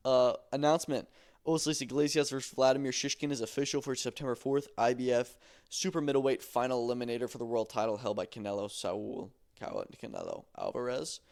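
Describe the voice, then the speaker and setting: Gravelly guy chatting fight news. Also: mid-range voice, expressive, brisk, a little mellow. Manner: loose and opinionated, swears casually. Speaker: podcast host. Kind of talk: casual chat about combat sports news.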